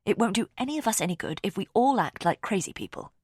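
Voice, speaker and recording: A woman's voice: medium pitch, expressive, fast talker, darkish tone, slightly rough, no echo, studio quality, pitched above the performer's own voice. A woman reading an audiobook, voicing a brittle, defensive young woman. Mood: guarded.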